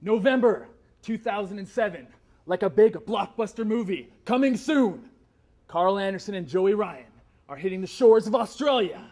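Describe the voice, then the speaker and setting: A man's voice: sits high, animated, normal speed, darkish tone. A male wrestler giving a brash, swaggering trash-talk promo.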